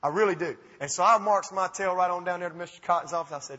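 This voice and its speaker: A man in his fifties with an Alabama accent, telling folksy, animated stories to an audience. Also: high-pitched, quick pace, very noisy. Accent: Southern US, Alabama. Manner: folksy, animated, self-mocking. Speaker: speaker. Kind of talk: storytelling talk to an audience. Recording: dull recording with long hall reverb.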